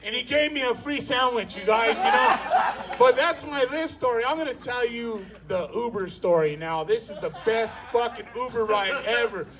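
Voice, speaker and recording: A man with a high voice telling a stand-up story, swearing freely and jumping into the voices of the people he meets. His delivery is animated and rowdy, loud one moment and drawn out the next. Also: normal speed, hardly any pauses, far from the mic, noisy background. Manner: profane, animated, acts out characters with voice shifts. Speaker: stand-up comedian.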